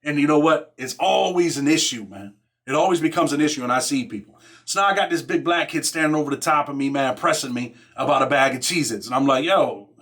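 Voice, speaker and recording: Brisk and animated, his fairly bright voice sitting on the high side, a middle-aged podcast host from Rochester, New York tells a jailhouse story. He talks in street slang, leans heavily on "man" and "right?", and performs other people's lines.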